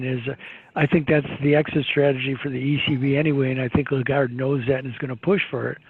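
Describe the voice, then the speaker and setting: A man's voice: on the high side, breathy edge. A man giving rambling, opinionated market commentary, full of fillers and restarts. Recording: tinny phone-like line.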